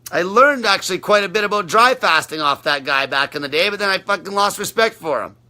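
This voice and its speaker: A man's voice: high voice, expressive, fairly quick, pushed and bright. A man coaching on a livestream, answering viewer questions in a brash, blunt, profane way.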